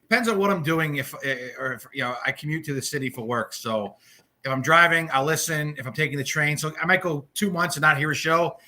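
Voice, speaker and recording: A man's voice: a little high, brisk, sharp tone, a little hiss or hum, low-quality recording. A man with a Long Island accent, co-hosting a podcast and chatting in a rambling, conversational way. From Long Island, New York. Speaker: podcast co-host. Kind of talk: casual interview chat.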